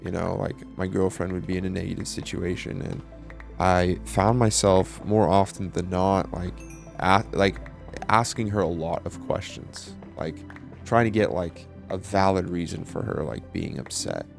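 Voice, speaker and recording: A man's voice: deep voice, fairly even intonation, normal speed, gravelly, faint music behind. A young man speaking candidly in a casual personal monologue, swearing and using lots of fillers. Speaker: vlogger.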